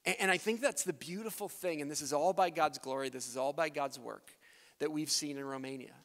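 A man's voice: on the high side, a little fast, fairly bright tone. A man who grew up in Canada, speaking earnestly as a missionary in a church sermon and prayer, building to emphatic peaks. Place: church sanctuary. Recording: preacher in a long-reverb hall.

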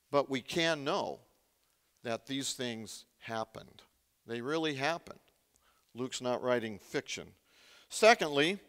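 A male pastor delivers a sermon in a fairly high, bright, forceful voice. He preaches conversationally and keeps quizzing his listeners. The sound rings with a long reverb, like a big hall.

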